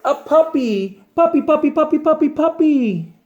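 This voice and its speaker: A shrill, overexcited little male pigeon from a storybook. He begs and whines in a high, loud voice and makes every want sound like an emergency. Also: normal speed, lo-fi sound. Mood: excited begging. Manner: pleading, overexcited, dramatic. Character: excitable, whiny young male pigeon. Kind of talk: storybook read-aloud.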